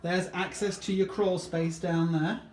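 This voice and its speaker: A man's voice: high-pitched, steady tone, measured pace. A man working as a realtor, chatting casually as he walks through a show home and points out its features. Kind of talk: casual walkthrough home tour. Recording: echoey empty rooms, faint background noise.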